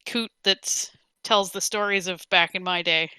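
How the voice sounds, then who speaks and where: A woman's voice: on the low side, fairly even intonation, unhurried, bright, forceful tone, smooth, dry recording. A woman player in a tabletop game, chatty and rambling, laughing often. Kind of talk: casual tabletop game chat.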